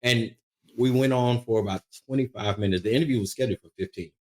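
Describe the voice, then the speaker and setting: A middle-aged man, a veteran and media producer, telling a lively story as a podcast guest, often restarting his sentences as he goes. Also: medium pitch, fast talker. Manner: animated, lively anecdote telling with frequent restarts. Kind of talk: casual storytelling in an interview.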